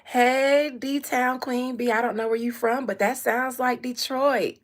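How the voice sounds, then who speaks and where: A woman hosting a casual livestream, animated, calling out viewers and laughing often. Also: on the high side, a little slow. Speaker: livestream host.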